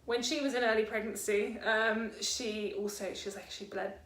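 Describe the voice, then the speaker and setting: A woman's voice: on the high side, fairly even intonation, moderate pace, fairly bright tone. A young British woman vlogging in casual chat at home, rambling and hesitant, with many ums. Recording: echoey room.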